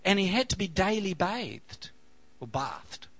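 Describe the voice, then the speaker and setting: A man's voice: high voice, very animated, measured pace, no room sound, rough recording. A man preaching a sermon, telling a story in a rambling, anecdotal way with many fillers. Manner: rambling anecdotal delivery with fillers, softening to a hush at the close. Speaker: pastor.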